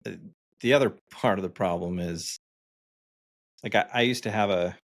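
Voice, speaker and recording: A man's voice: lowish voice, moderate pace. A man in his forties co-hosting a podcast, chatting casually and telling stories with fillers and frequent laughs. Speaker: podcast co-host.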